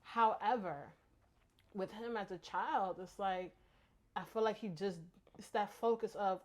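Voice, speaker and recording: A woman co-hosting a podcast, chatting in a relaxed, frank way. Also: mid-range voice. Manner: relaxed, frank, quick to agree. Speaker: podcast co-host. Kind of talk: casual chat.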